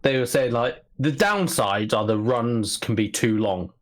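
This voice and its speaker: A man's voice: mid-range voice, animated, unhurried. A man co-hosting a gaming podcast in a chatty, eager way, swearing now and then. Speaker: podcast co-host. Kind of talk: casual chat.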